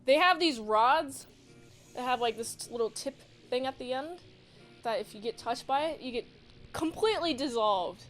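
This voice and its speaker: A woman's voice: sits high, lively intonation, moderate pace, fairly bright tone, soft background music. A woman casually recapping and reviewing a show, chatty and joking as she acts out quotes.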